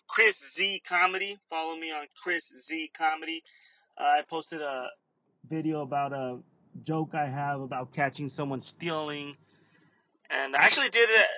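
Young man, comedian, casual vlog rant, profane, animated, high bright voice. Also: rough recording. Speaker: stand-up comedian.

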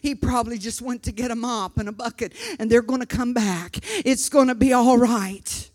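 A woman preacher voicing a gentle, reassuring father who speaks softly and stumbles over his words. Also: a little high, fairly even intonation, normal speed, soft background music, close to an everyday voice. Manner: hesitant, repeating words.

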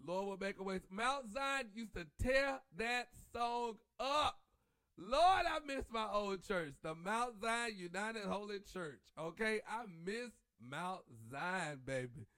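Male host, high-pitched, lively and preachy, dry recording. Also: takes it slowly, clean tone, no room sound. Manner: animated, preachy, sings church lines. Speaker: podcast host. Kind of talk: casual chat.

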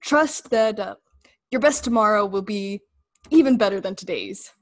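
A woman's voice: medium pitch, moderate pace, lightly acted. A woman doing an eager talk-show host. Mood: encouraging. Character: upbeat male talk-show host, encouraging.

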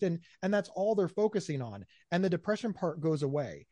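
A man answering interview questions in an animated way, often repeating his words as he talks. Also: high voice, fast talker, no room sound. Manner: animated, acts out quoted voices, repeats words. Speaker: guest, mental health speaker.

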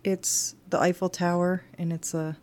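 Chatty lower-voiced woman co-host. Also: little pitch movement, unhurried, a little mellow. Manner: chatty, laughs often, playful. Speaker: podcast co-host. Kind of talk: casual chat.

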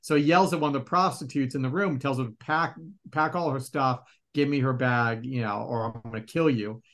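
A man co-hosts a relaxed movie chat, jumping in to fill out the plot. He talks in a loose, teasing way with plenty of "you know.". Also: mid-range voice, fairly quick. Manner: chatty, teasing, filling in plot details. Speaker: podcast co-host. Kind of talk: casual movie review chat.

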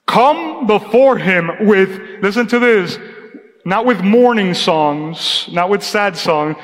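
A man preaching to his church in a high, bright voice. He calls out to the congregation and then drops to a near-hush for emphasis. His voice rings with the long reverb of a church hall. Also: lively intonation, takes it slowly. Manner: preaching with call-and-response, drops to a hushed tone for emphasis. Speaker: pastor. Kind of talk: sermon. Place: church sanctuary.

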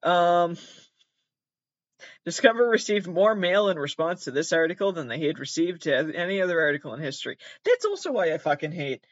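A man's voice: on the high side, big pitch swings, brisk, no room sound, muffled recording. A man co-hosting a podcast, ranting in a casual, sarcastic and profane way. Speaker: podcast co-host. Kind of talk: casual comedic rant.

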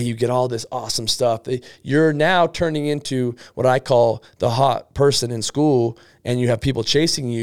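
A man coaching salespeople in an upbeat, slangy way, with a gravelly edge to his mid-pitched voice. The recording is close and dry, with no room sound. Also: no room sound. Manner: energetic, slangy, acts out sales banter. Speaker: sales trainer.

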